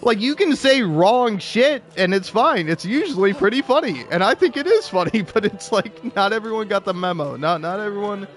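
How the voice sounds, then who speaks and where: A man's voice: high voice, animated, normal speed, hardly any pauses. Sarcastic, cussing man rambling with laughs. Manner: profane, sarcastic, laughs often; rambling with frequent restarts. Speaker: gaming video creator. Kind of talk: casual rambling commentary.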